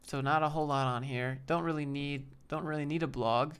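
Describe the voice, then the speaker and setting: A man's voice: a little high, steady tone, a little fast, a bit bright, clean tone. A man on a live stream, casually reading chat and giving laid-back, rambling career advice. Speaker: streamer answering viewer chat.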